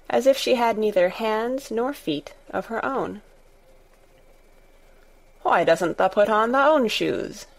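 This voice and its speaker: Reading a classic novel aloud for an audiobook, this female narrator keeps a measured storytelling pace. She has a mid-range voice touched with vocal fry.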